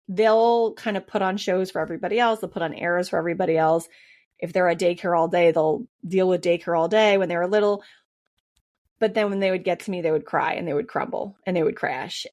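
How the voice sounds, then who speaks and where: A woman's voice: lowish voice, darkish tone. A woman in her thirties hosting a podcast, talking casually with many fillers and restarts. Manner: chatty, lots of fillers and restarts. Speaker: podcast host.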